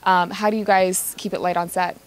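A woman's voice: lowish voice, level tone, brisk. A woman hosting an entertainment show, interviewing an actor in a bubbly, encouraging way. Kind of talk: casual interview.

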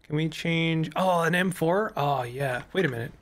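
A young man giving casual, rambling commentary while playing a game, with a voice that is going hoarse. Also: fairly high pitch, moderate pace. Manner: rambling, many fillers and restarts. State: losing his voice. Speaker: gaming YouTuber.

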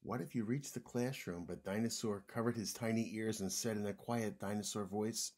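A man reading a picture book aloud to young children, gentle and expressive, sometimes dropping to a whisper. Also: lowish voice, moderate pace, few pauses.

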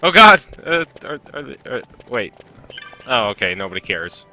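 A man's voice: on the low side, animated, normal speed, sharp tone, soft background music. A man playing a video game and commenting casually, joking and swearing freely. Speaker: let's play host and player.

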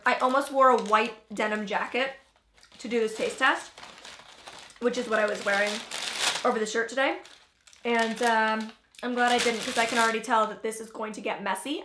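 A woman's voice: on the high side, sharp tone, reverberant, a little hiss or hum. A young woman hosting a casual taste-test vlog, chatting in a loose, filler-heavy way and talking between bites. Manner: chatty, filler-heavy, talks while chewing. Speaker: vlogger host.

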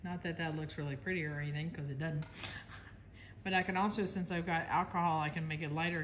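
Her voice sits low and steady yet comes out fast and a bit bright, over slight background noise. This American art instructor chats casually while painting in a demonstration, now and then apologizing to her viewers.

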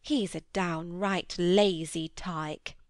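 A woman's voice: fairly low pitch, fairly even intonation, takes it slowly, no echo, studio quality. A woman doing a blunt homely farm wife. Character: plainspoken homely middle-aged farm wife.

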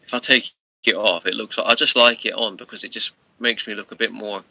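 A man chatting to viewers on his live stream, tired, rambling and halting with many restarts. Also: fairly low pitch, steady tone, gravelly, sharp tone, dry recording. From United Kingdom. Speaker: livestream host. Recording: lo-fi muffled livestream audio.

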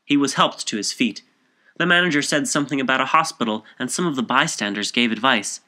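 A man reading a short story aloud as narrator in a measured, composed way. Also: mid-range voice, bright, forceful tone.

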